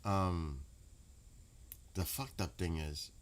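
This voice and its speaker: A very deep-voiced man rambles through a late-night stream chat. He swears freely and breaks into loud laughter now and then. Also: extremely slow. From New York. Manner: rambling, profane, laughs loudly.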